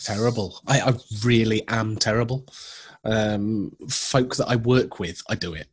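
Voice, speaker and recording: A man's voice: lowish voice, unhurried, slightly rough. A man co-hosting a podcast in casual chat, agreeable and chatty, often restarting his sentences. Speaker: podcast co-host.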